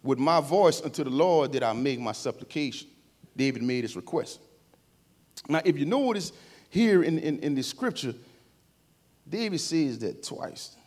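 A male preacher with a slightly high voice delivers a sermon at a church service. He moves from hushed, tender passages to loud, rising calls to the congregation. He drops in playful, informal asides along the way. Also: lively intonation, normal speed, pauses often. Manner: emotional, swings between quiet and loud, calls out to the congregation.

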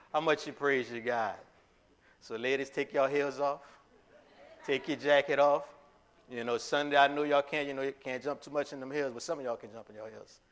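Guy preaching a sermon, talks loose and chatty, lots of uh's, then gets loud and fired up, regular pitch. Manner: casual, conversational preaching with many fillers and restarts; bursts into loud emphatic lines.

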